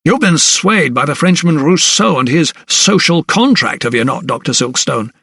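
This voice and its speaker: A man voicing a scornful, ruthless gentleman lawyer in an audiobook, speaking slowly and mockingly. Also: on the high side, lively intonation, creaky, breathy edge, dry recording, clean studio sound, recorded from a distance, voice pushed up, heavily acted. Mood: sneering. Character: sneering, ruthless male lawyer, older gentleman.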